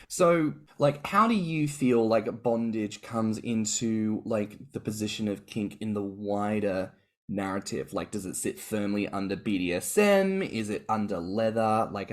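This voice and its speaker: A man co-hosting a podcast, bantering loosely and swearing in casual chat. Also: on the low side. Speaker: podcast co-host.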